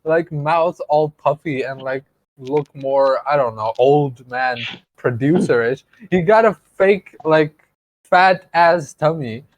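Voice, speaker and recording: Male podcast co-host, rambling crude banter, a bit high, dry close mic. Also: slow pace, dry recording. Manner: crude, rambling, laughs often. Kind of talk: casual banter.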